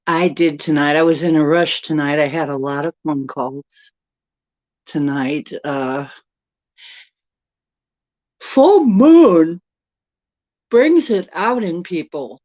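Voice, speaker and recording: Slow, rambling woman streaming. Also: low-pitched. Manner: rambling and chatty, greets viewers by name. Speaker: livestream host. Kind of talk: casual live-stream chat. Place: room at home. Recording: dull lo-fi stream audio.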